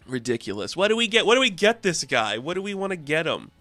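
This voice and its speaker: A man's voice: a little high, very animated, fast talker, hardly any pauses, sharp tone, no room sound. A man reviewing a comic book issue in a chatty, enthusiastic way, laughing often.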